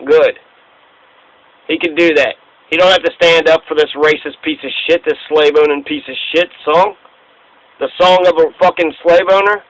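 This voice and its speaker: A man's voice: on the high side, fairly even intonation, moderate pace, a bit bright, no echo, low-quality recording. A man hosting a casual history talk, speaking in a profane, emphatic rant. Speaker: host.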